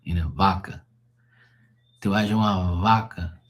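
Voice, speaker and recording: Low-voiced man chatting on a live stream. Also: measured pace. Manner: loose, chatty, explaining language differences to chat; swears casually, laughs easily. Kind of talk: casual live-stream chat with viewers.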